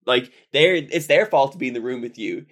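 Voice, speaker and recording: A man's voice: medium pitch, animated, fairly quick, a bit bright. A young man co-hosting a casual podcast, teasing and giggling, often cutting in. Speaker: podcast co-host.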